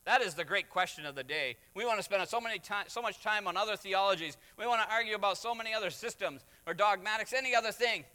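A man's voice: sits high, fast, few pauses, pushed and bright, smooth. A man preaching a sermon as pastor, emphatic, with acted asides and rising refrains. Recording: reverberant hall.

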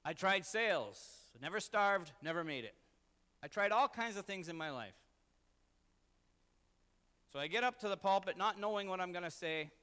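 Earnest pastor in a reverberant church. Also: male voice, high-pitched, animated, normal speed, pauses often, sharp tone, clean tone. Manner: storytelling, earnest and self-deprecating. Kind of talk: sermon.

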